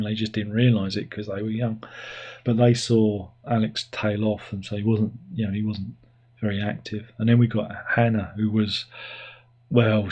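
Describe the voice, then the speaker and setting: A man's voice: fairly low pitch, a little mellow, slightly rough. An English man hosting a casual livestream, rambling and self-mocking as he chats, now and then putting on silly voices. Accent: British (England). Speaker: livestream host. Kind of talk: casual chat.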